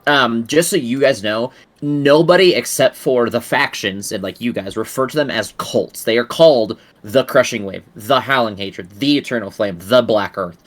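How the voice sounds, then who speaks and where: A man running a tabletop game and explaining the world to his players. He talks in loose, rambling asides, piles up "like" and "um", and swears offhandedly. His voice sits at an ordinary pitch for a man. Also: normal speed, hardly any pauses. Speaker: game master. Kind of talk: casual tabletop game chat.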